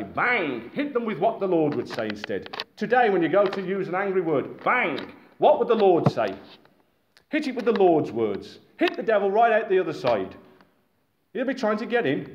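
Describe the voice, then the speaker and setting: Animated preacher man in an echoey room. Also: high-pitched, normal speed. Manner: animated, exclaiming and addressing listeners as friends. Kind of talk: sermon to a congregation. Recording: echoey, muffled room recording with faint noise.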